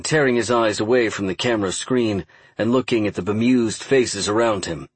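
Husky male audiobook narrator. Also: on the low side, normal speed, no room sound. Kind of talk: scripted narration.

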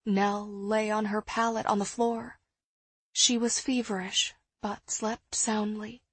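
A woman narrating an audiobook in the first person, in a measured, hushed storytelling manner. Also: medium pitch, flat delivery, husky, no room sound.

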